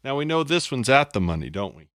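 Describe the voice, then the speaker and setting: A man's voice: mid-range voice, sing-song, fast talker, a bit bright, no echo, clean studio sound. A man teaching a lesson at a board, playful and self-mocking, often repeating his phrases. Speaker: instructor. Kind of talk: explaining on a whiteboard.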